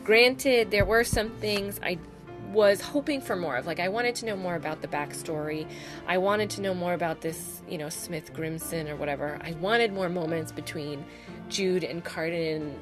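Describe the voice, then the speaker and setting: A woman with a lowish voice talks through a book she loved, gushing and chatty. Her speech is loose and full of "like" and "oh my God". Soft music plays faintly behind her. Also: normal speed. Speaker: book reviewer. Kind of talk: casual spoiler-filled book review.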